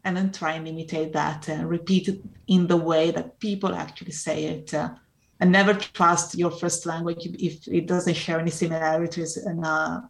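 Woman, Italian accent, low voice, encouraging, laughs easily. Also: gravelly. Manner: earnest, encouraging, laughs often. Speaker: Italian teacher guest. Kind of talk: podcast interview answers.

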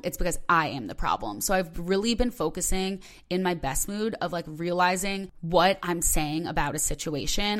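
A young woman in her twenties hosts her own podcast in a loose, rambling, confessional way, leaning on "like" as she talks. Her voice sits a little low and carries a fragile edge, as if tears are not far off. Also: fairly bright tone. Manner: emotional, rambling, heavy use of "like". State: close to tears. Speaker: podcast host. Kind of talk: casual solo podcast talk.

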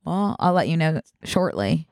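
A woman co-hosting a podcast, chatting in a lively, talkative way. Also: deep voice, a little slow, no echo, studio quality. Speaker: podcast co-host. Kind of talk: casual chat.

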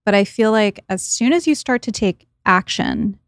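A woman hosting a podcast, asking thoughtful questions and giving soft affirmations. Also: mid-range voice, lively intonation, normal speed, dry recording, studio quality. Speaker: podcast host. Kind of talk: interview conversation.

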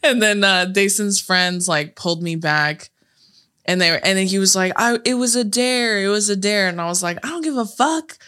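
A young woman telling a story in casual chat, animated, swearing freely and laughing often. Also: medium pitch, normal speed, clean tone.

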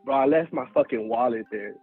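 A Houston, Texas man in his twenties, a guest storyteller, tells a casual story packed with slang, swearing and fillers. His medium-pitched voice moves fairly quickly, and the narrow, tinny audio sits over loud music.

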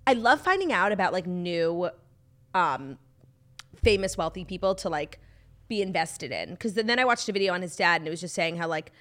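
A young woman co-hosting a podcast, telling gossip in a fast, animated way with many fillers. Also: lowish voice. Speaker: podcast co-host. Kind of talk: casual gossip chat.

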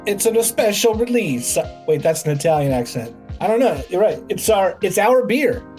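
A man's voice: sits high, very animated, moderate pace, a little mellow, soft background music. A man co-hosting a casual sports podcast, joking and rambling with lots of fillers. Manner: jokey, rambling, filler-heavy. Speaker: podcast co-host.

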